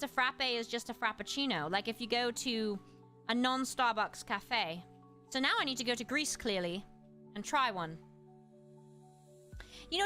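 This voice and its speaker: Bright, high-voiced woman chatting on stream. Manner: chatty, musing aloud with quick asides. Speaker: streamer host. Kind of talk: casual livestream chat, reading aloud and answering chat.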